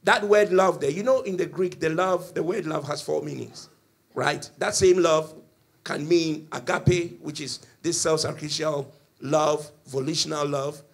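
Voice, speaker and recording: A male pastor preaching a passionate sermon in church, swinging between loud and soft as he tells the story. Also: a little high, steady tone, unhurried, creaky, slightly rough. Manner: impassioned storytelling with swings in volume.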